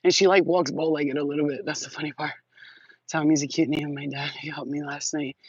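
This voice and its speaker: A woman's voice: low voice, flat delivery, a little fast, no room sound, highs cut off. A woman giving a casual live psychic reading, rambling and chatty, swearing and laughing often. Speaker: psychic reader.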